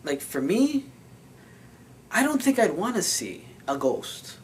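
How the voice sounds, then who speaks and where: A man's voice: high-pitched, very animated, takes it slowly, slight background noise, poor audio. A man telling a dream story in a casual vlog, earnest and emotional, rambling with many fillers and restarts. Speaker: vlogger recounting a dream.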